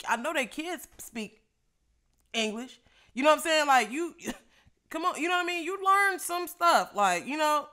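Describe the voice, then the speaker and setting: A young woman tells a story in a loose, chatty way while she eats, cursing freely and laughing often. Her voice is bright and sharp, and her pitch sits in an ordinary middle range. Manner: animated, profane, laughs often. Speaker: vlogger. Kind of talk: casual storytime while eating.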